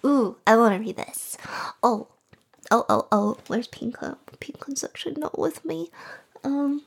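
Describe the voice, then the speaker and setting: A woman chatting casually in a soft, whispery voice, giggly and rambling. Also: a little high, expressive, a little slow, gravelly, breathy edge.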